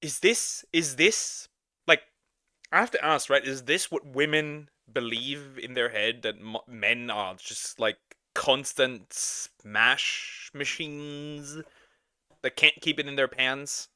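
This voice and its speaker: A man streaming as a VTuber, reacting live with loud laughter and shocked exclamations. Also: mid-range voice, takes it slowly, clear, resonant tone, no room sound.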